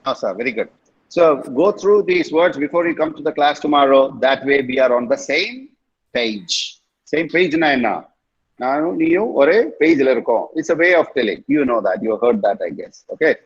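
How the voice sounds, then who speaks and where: A man's voice: on the high side, animated, rapid-fire, husky. A middle-aged man with a Tamil accent teaching English pronunciation in an online class, repeating words as drills and switching between English and Tamil. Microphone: video call. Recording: muffled video call audio.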